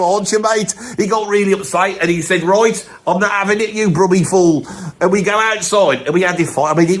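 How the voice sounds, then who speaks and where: A swaggering Birmingham loudmouth, as a man puts him on, pitched high above an ordinary man's voice. He talks in a cocky, mocking way with a thick Birmingham accent, full of bluster, like someone spinning a tall tale down the pub. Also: lightly acted. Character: boastful brash Birmingham man telling tall tales.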